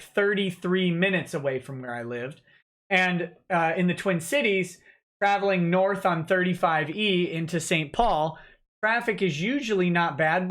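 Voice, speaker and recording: A man's voice: sits high, a bit bright. A man from Minnesota hosting a show, telling a personal story in a wry, sarcastic, casual way. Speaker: host.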